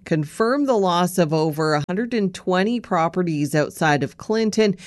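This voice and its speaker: A woman anchors a scripted radio newscast, moving through the stories and the weather at an even, measured pace. Her voice sits a little low. The sound is dry and close to the mic. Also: no room sound. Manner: steady, measured news read.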